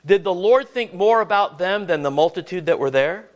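A man's voice: high-pitched, expressive, moderate pace, lo-fi sound. A man preaching a sermon as pastor, asking the congregation questions and often repeating words as he goes.

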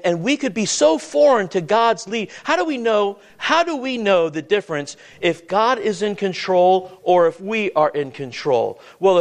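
A man preaching a sermon, with many questions to the listeners and repeated words. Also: sits high.

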